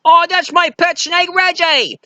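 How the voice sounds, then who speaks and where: Cheerful pilot, teasing, voice pushed up high, as a man acts him out. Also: measured pace, pushed and bright, no echo, exaggerated voice. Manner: teasing, breezy.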